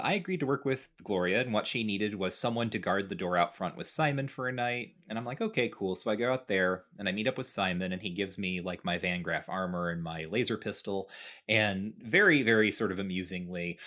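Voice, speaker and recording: A man casually recounting a video game playthrough to a co-host, briefly acting out the characters' lines. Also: fairly low pitch. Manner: relaxed storytelling, acts out characters' lines. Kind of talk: casual chat.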